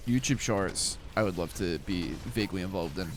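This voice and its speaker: A young man from Glasgow with a softened Scottish accent, chatting casually and profanely on a game stream, with lots of "like" and "man". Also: low-pitched, moderate pace, slight background noise. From Glasgow, Scotland. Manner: rambling, profane, full of "like" and "man". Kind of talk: casual live-stream chat while gaming.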